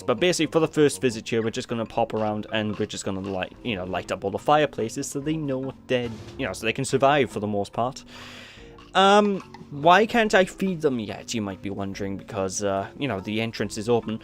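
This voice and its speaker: A man with a Welsh accent casually commenting on a video game he plays, rambling and chatty with plenty of fillers. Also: mid-range voice. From Wales. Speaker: let's play host. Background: faint game music.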